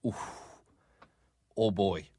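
An English man co-hosting a comic podcast, reading listener emails aloud with an animated, laughing manner. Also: sits low, extremely slow, breathy edge, no room sound, clean studio sound. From England. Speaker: podcast co-host.

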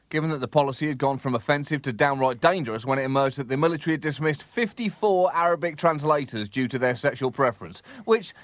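A man co-hosting a satirical comedy podcast, delivering wry, deadpan asides with bursts of emphasis. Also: a little high, no echo.

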